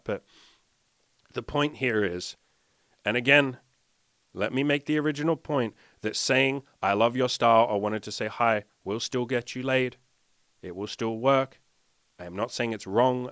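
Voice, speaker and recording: Male dating coach, blunt and profane, lowish voice, dry close sound, acts out bits of dialogue. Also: a bit bright, dry recording. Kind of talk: casual monologue to camera.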